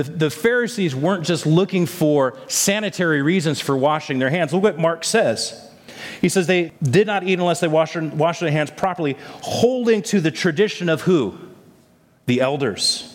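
A male pastor delivering a sermon, asking the congregation rhetorical questions and tossing in "amen?" asides. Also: a little high. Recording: long hall reverb.

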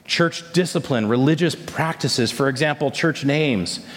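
A man's voice: mid-range voice, unhurried. A male pastor delivering a sermon, asking the congregation rhetorical questions and tossing in "amen?" asides. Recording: long hall reverb.

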